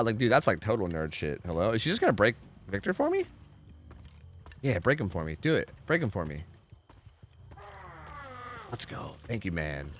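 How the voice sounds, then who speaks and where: A male streamer talks through his gameplay in a relaxed, swear-heavy way, his pitch bouncing up and down a lot. He keeps chatting with viewers between plays, with a faint hum of noise behind him. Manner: laid-back, swears often, chats with viewers. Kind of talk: casual live gameplay commentary.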